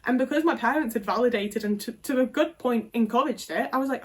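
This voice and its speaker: A young woman talks straight to camera in a casual confessional vlog. She is blunt and sweary and peppers her sentences with "like". Her voice sits a little high. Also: lively intonation, a little fast. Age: 20s. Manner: frank and sweary, with lots of "like". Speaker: vlogger.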